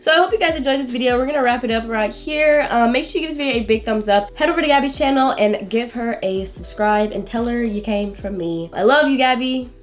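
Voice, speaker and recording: A woman's voice: fairly high pitch, fast talker, few pauses, soft background music. A young woman in her late teens hosting a casual vlog, chatting while eating, full of "like" and slang. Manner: chatty, heavy use of "like", slangy. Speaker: vlogger host.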